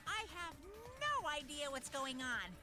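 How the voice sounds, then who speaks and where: A woman voicing a bored, bratty game character in a squeaky, petulant voice. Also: big pitch swings, a little slow, over music. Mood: bored, irritated.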